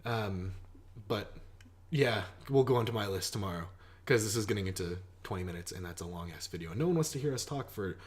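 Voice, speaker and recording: A man's voice: fairly low pitch, expressive, a little fast. A man co-hosting a casual podcast, teasing his friend with crude, sarcastic jokes. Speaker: podcast co-host. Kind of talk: casual joking chat.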